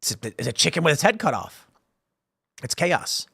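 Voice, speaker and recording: A man's voice: a little high, big pitch swings, normal speed, creaky, pushed and bright, husky, no room sound, clean studio sound. Indignant man ranting political commentary. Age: 30s. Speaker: political commentary show host.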